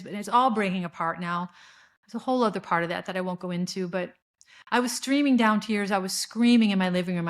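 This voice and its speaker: A middle-aged woman hosting a spiritual podcast, talking in an earnest, rambling way with fillers and restarts. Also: mid-range voice. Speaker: podcast host. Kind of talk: spiritual monologue.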